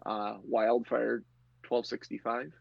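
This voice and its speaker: A man's voice: medium pitch, little pitch movement, takes it slowly, gravelly, husky, dull audio. A man narrating a tabletop game as game master, with frequent fillers and laughter. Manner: filler-heavy, laughs often. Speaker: game master and podcast host.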